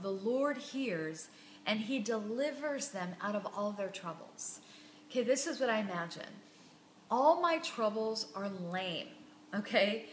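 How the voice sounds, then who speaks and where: A woman's voice: on the high side, roomy sound, slight background noise. A woman hosting a devotional Bible reflection, speaking earnestly and emphatically and repeating words for stress. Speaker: podcast host.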